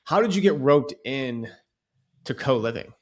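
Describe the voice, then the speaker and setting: A man's voice: mid-range voice, expressive, measured pace. A man co-hosting a podcast, talking casually with lots of fillers. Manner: casual, chatty, filler-heavy. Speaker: podcast co-host. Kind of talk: podcast interview.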